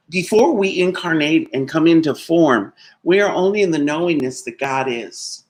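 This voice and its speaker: A man giving a sermon as a minister, telling a story conversationally and laughing now and then. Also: on the high side.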